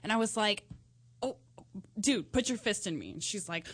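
A woman co-hosting a studio talk show, telling stories in an animated way and often breaking into laughter. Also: mid-range voice, moderate pace, dry recording. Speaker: co-host. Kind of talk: casual explicit chat.

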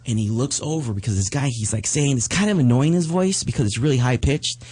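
A man's voice: medium pitch, fairly quick, slightly rough. A man, a magician now doing comedy, chatting casually and acting out the people in his stories. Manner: animated storyteller, acts out quoted voices. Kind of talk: casual chat.

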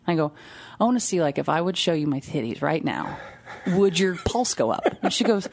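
A woman in casual chat, telling a story with lively acted-out quotes and frequent laughs. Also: fairly low pitch, fairly quick. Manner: animated storyteller, acts out quotes, laughs often.

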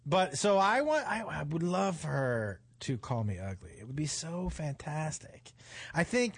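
A man with a high voice tells stories at an easy pace, swearing freely and breaking into laughs. His pitch moves up and down a lot, which makes him sound animated. He sounds like the host of a casual talk show. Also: unhurried, creaky, husky. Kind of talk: casual chat.

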